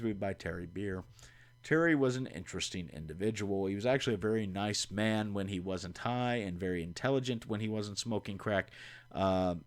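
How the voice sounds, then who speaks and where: A man with a Kentucky accent casually telling stories to his livestream chat, swearing and making wry deadpan asides. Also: on the low side. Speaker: livestream host. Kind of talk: casual storytelling. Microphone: home streaming mic.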